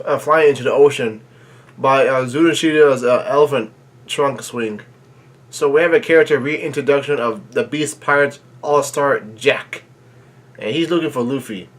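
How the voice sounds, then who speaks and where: Excitable man reading and reacting live. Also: a little high. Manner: halting, filler-heavy reading with excited outbursts. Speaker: manga reaction channel host.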